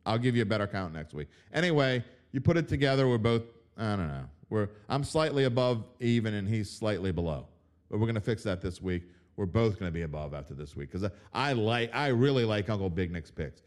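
A man hosting a sports betting podcast, ranting with mocking outbursts and dropping to low mutters. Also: lively intonation, brisk. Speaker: podcast host. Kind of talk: opinionated sports betting talk.

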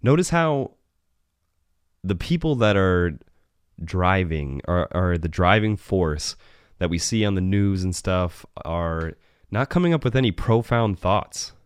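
A man's voice: sits low, expressive, a little slow, clear, resonant tone, no echo, studio quality. A man hosting a solo podcast, talking in a rambling, profane way and often correcting himself. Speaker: podcast host.

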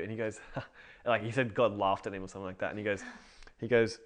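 Low-leaning and fairly flat in intonation, he speaks quickly as co-host of a laid-back faith podcast. His storytelling wanders, and he often stops to correct himself.

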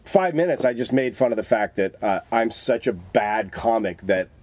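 A man's voice: on the low side, expressive, moderate pace, a little mellow, no room sound. A man, a stand-up comedian, telling a story in casual chat with wry self-mockery.

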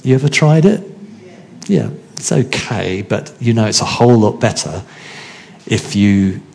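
A man's voice: on the low side, animated, measured pace, vocal fry, darkish tone, a little hiss or hum. A man preaching a sermon in a chatty, conversational way, often asking his congregation questions.

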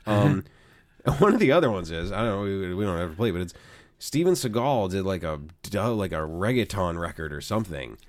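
A man's voice: sits low, moderate pace. A man hosting a podcast, chatting casually and telling stories in a loose, profane way. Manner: animated, profane storytelling. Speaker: podcast host. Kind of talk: casual chat.

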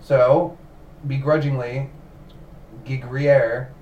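A man's voice: medium pitch, little pitch movement, extremely slow, dull audio. A man hosting a casual podcast and telling a cult story from his notes, repeating himself now and then. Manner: narrates from notes, repeats words, laughs easily. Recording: roomy distant mic with faint noise.

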